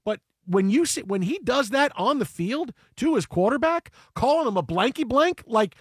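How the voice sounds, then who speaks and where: A man's voice: extremely high pitch, animated, normal speed, husky, dry recording, studio quality. A man hosting a sports talk show, arguing his point emphatically and repeating phrases for effect. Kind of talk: casual sports radio chat.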